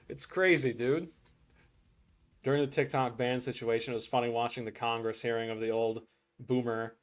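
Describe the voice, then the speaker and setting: A man's voice: mid-range voice, fairly even intonation, moderate pace. A young man chatting casually to viewers while playing a game, rambling and laughing often. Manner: rambling, laughs often, says "dude" a lot. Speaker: gaming streamer. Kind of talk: casual gameplay chat.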